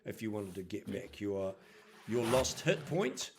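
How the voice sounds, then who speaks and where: A man's voice: fairly low pitch, big pitch swings, measured pace, a little hiss or hum. A man narrating a tabletop role-playing game as game master, hesitant and full of ums.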